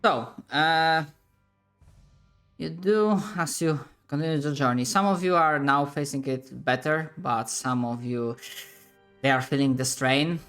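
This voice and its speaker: A man narrating as game master of a tabletop game, with frequent fillers and pauses. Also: on the high side, fairly bright tone, clear, resonant tone, soft background music. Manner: hesitant, filler-heavy narration.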